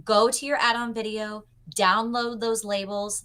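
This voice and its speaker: A woman's voice: a little high, little pitch movement, unhurried, few pauses, a bit bright, clear, resonant tone. Upbeat young woman, guest designer on a video call, chatty teaching tone. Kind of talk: demonstrating a pattern on a livestream.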